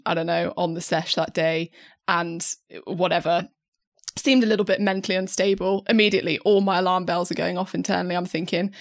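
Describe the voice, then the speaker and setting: A woman in casual chat, telling a personal story earnestly with halting fillers. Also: fairly low pitch.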